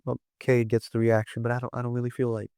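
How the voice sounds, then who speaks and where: A man's voice: medium pitch, monotone, fast talker, darkish tone, smooth, no room sound, clean studio sound. A man giving casual commentary on his vlog, rambling with lots of fillers and restarts. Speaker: wrestling vlogger.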